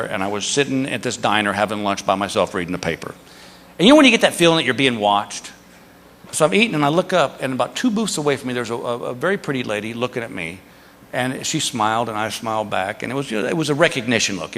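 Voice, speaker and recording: A man's voice: medium pitch, lively intonation, fast talker, fairly bright tone, slight background noise. A man in his fifties performing a stand-up comedy routine, telling a story and acting out the other people in it. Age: 50s. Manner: storytelling, acting out quoted voices. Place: large theater stage. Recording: live theater with long reverb. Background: audience laughter.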